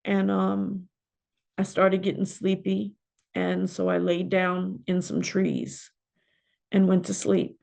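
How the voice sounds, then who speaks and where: Middle-aged woman with a gravelly voice. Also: lowish voice, monotone, a little mellow. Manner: emotional, halting, with pauses and fillers. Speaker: podcast guest, spiritual mentor. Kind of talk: personal storytelling.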